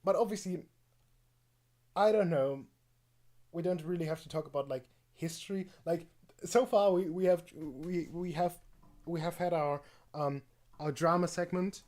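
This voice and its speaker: A man's voice: fairly high pitch, unhurried, pauses often, darkish tone. A man streaming live, reacting to a video with rambling, mocking commentary, full of fillers and laughs.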